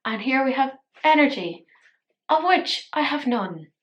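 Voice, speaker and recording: A woman's voice: sits high, lively intonation, a little slow, highs cut off, a little hiss or hum. A tired woman chatting playfully through a casual makeup tutorial, poking fun at herself. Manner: chatty, playful, self-mocking. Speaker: beauty vlogger.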